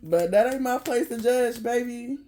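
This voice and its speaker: At a moderate pace, a vlogger rants to camera in a casual, blunt, profane way. Frequent laughter punctuates the talk, which shifts from low muttering to sudden loud outbursts.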